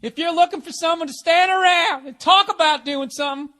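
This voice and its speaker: A man mimicking a blustering, boastful male presidential candidate giving a shouted stump speech. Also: very high voice, brisk, pitched above the performer's own voice.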